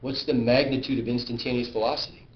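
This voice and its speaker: A man's voice: mid-range voice, little pitch movement, fast talker. A man teaching physics in a classroom, stopping often to ask the class questions and check they follow. He sounds far from the camera, with a roomy echo, a dull muffled tone and a faint hiss underneath. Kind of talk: classroom lecture. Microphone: camera at a distance.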